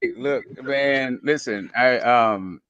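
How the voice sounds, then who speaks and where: A man's voice: mid-range voice, slow, a bit bright, clear, resonant tone, dull audio. A man co-hosting a sports talk show, pushing back on a point with hesitant, filler-filled phrasing. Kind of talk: sports debate. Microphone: podcast mic.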